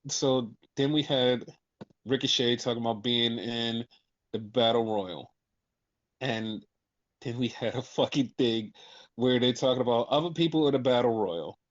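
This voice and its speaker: A man hosting a casual podcast and recapping wrestling shows, animated and profane, acting out what people said. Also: mid-range voice, a little slow, highs cut off. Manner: animated, profane, acts out quotes. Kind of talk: casual chat.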